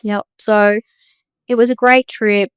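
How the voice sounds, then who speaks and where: A woman's voice: medium pitch, fairly even intonation, slow pace, clear, resonant tone, no room sound, clean studio sound. A woman co-hosting a casual podcast, talking about her travels in a laid-back, easygoing way. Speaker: podcast co-host. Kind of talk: casual chat.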